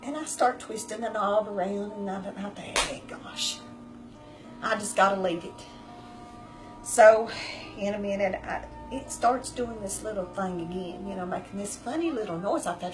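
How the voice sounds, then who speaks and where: A woman telling a story in a folksy, chatty, animated way to her viewers. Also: medium pitch, moderate pace, background noise. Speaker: vlogger. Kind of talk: casual storytelling.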